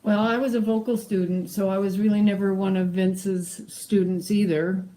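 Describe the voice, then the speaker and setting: Mellow-voiced woman recalling a teacher. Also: medium pitch, level tone, normal speed, rough recording. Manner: warm, reflective, with fillers. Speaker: singer paying tribute. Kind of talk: spoken tribute.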